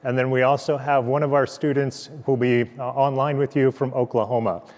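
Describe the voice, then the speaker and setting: A man's voice: mid-range voice, little pitch movement, a little fast, darkish tone, in a large hall. A man hosting a virtual scholarship event from a lab turned into a studio, earnest and stopping often to restart his sentences. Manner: earnest, with frequent fillers and restarts. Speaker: host, development officer.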